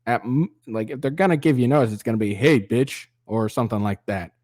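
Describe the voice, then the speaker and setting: A man hosts a reaction commentary, sarcastic and profane. He often mimics other people's voices. His voice sits at a middle pitch and sounds dry and close, with no room echo. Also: fast talker, darkish tone. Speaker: commentary channel host.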